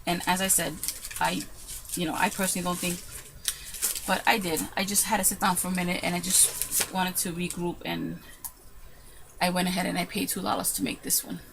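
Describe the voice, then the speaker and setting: Chatty woman with a gravelly edge. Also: fairly low pitch, a little fast, long pauses, background noise. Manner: chatty, excitable, retells with quoted asides. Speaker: crafting vlogger. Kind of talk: casual storytelling vlog. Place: her room at home.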